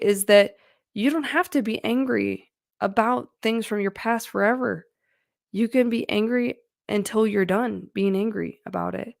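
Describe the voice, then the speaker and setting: A woman's voice: medium pitch, vocal fry, dry recording, clean studio sound. A woman giving casual, earnest advice on feelings to her viewers, chatty and full of fillers. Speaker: mental health vlogger. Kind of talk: casual talking-to-camera advice.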